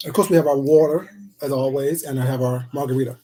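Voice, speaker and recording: Speaking quickly in a steady, mellow, mid-range voice, this food vlogger runs a relaxed eating live stream. He addresses viewers as baby and sweetheart, chatting with them and humming between bites.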